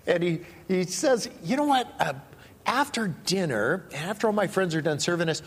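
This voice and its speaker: A man giving a sermon as pastor, telling a story in an animated, playful way and acting out the quotes. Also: sits high, moderate pace, breathy edge. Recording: long reverb of a large hall.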